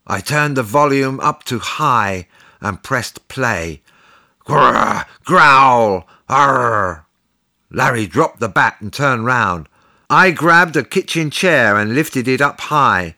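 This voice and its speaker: Slow, bright-voiced male storyteller. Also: mid-range voice, animated, no room sound, studio quality. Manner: slow, deliberate, clear reading. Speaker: narrator. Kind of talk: storybook reading.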